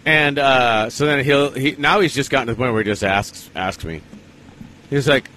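A man's voice: medium pitch, moderate pace, pushed and bright, a little hiss or hum. A man co-hosting a radio show, joking around in casual on-air banter and acting out callers. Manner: joking, playful, quotes callers in voices.

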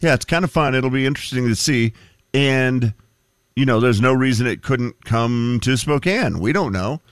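A man co-hosting a morning radio show in relaxed, agreeable banter. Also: medium pitch, normal speed, no room sound, clean studio sound. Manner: easygoing, agreeable. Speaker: radio co-host. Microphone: studio mic.

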